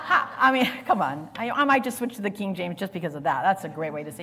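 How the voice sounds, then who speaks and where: A woman preaching a sermon in a chatty way, laughing often and building to loud proclamations. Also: low-pitched, big pitch swings, fairly quick, in a large hall, background noise.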